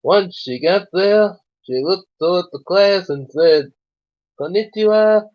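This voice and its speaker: A man's voice: high-pitched, unhurried, muffled recording. A man reading a story aloud and breaking off for rambling, chatty asides. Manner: rambling asides, many "you know"s. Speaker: storyteller and host. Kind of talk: casual story reading with commentary.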